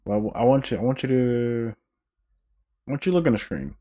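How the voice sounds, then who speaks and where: A young man hosting a casual solo podcast, ranting in an animated, profane and joking way, often restarting his sentences. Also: medium pitch, a little fast. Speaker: podcast host.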